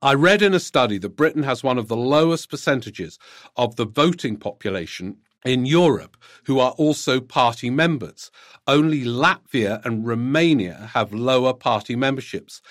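A man's voice: mid-range voice, expressive, normal speed, fairly bright tone, no room sound, clean studio sound. A man hosting a podcast, reading out listener emails and then commenting on them in a conversational way, with frequent "uh"s. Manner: reads letters aloud, then comments with frequent fillers.

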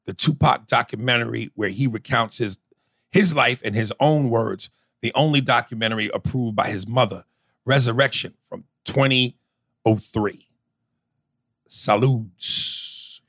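A man's voice: mid-range voice, unhurried, fairly bright tone, dry recording. A man co-hosting a podcast, reading listener emails aloud in a loose, profane, joking way. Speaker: podcast co-host. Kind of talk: casual podcast chat.

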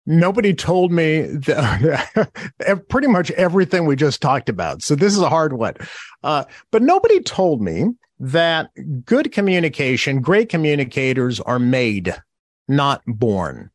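Lively, emphatic man explaining. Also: a little high, a little slow, no echo. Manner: animated, emphatic explainer who acts out quoted phrases. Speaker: author and interview guest. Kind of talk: podcast interview.

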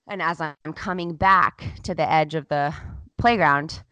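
Low-voiced mom telling a story candidly. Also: female voice, measured pace, sharp tone, dry recording, lo-fi sound. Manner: candid, emotional, heavy use of "like". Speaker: podcast host. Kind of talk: casual storytelling chat.

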